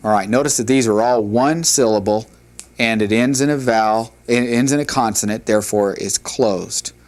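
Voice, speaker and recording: A man teaching a Hebrew language lesson, reading word lists aloud in a measured, deliberate way and explaining syllables. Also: mid-range voice, a little mellow. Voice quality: measured, deliberate delivery with pauses between drilled words.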